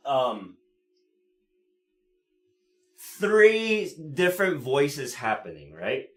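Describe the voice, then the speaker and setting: A man teaching cello in a live lesson, explaining in a relaxed way with many fillers and frequent "right?" checks, pausing to play the instrument. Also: mid-range voice, over music. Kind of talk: live online music lesson. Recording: roomy sound with cello playing. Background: cello playing between phrases.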